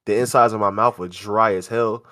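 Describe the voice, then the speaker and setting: A man's voice: on the low side, a little fast. A young man, a podcast co-host telling a casual, slang-heavy story and acting out what people said. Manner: animated, slangy, acts out quoted lines.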